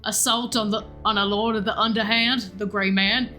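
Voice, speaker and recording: A woman's voice: medium pitch, fairly even intonation, moderate pace, pushed and bright, soft background music. A young woman player reading a text aloud steadily, with small slips. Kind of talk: reading aloud in a tabletop game.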